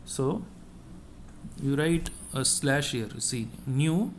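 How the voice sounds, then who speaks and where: A man's voice: mid-range voice, slow pace, a little hiss or hum. A man teaching a French lesson to school pupils, repeating each word several times and explaining patiently. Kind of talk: online classroom lesson.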